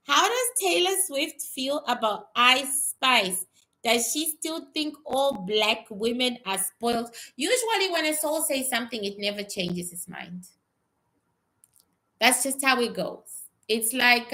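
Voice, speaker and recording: A woman's voice: sits high, bright, forceful tone. A woman talking casually on a livestream as a psychic reader, answering viewers bluntly and with some swearing, often repeating herself.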